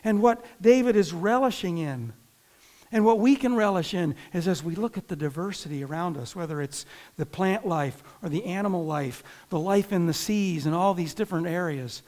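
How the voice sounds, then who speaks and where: A high-voiced pastor from northern Indiana preaches to his congregation in a chatty, informal manner, full of restarts and asides to listeners. He talks at normal speed with a slightly mellow tone.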